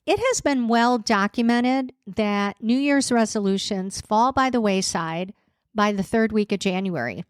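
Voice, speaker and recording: A woman life coach hosts her solo podcast, encouraging her listeners by asking them one question after another. Her medium-pitched, smooth voice is slow and deliberate, with a hint of a cold she's recovering from. The recording is dry and close, with no room sound.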